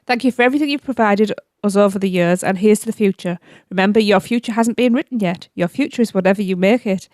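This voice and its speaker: A woman's voice: medium pitch, quick pace, hardly any pauses, darkish tone, dry recording, studio quality. Woman co-host reading farewell messages. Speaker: podcast co-host. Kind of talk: reading listener messages aloud.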